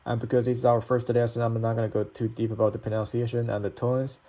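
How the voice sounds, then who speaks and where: A man's voice: mid-range voice, level tone, fast, warm tone. A man from China with a Chinese accent, a native Chinese speaker teaching a pronunciation lesson and patiently repeating sounds to demonstrate them. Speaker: language teacher.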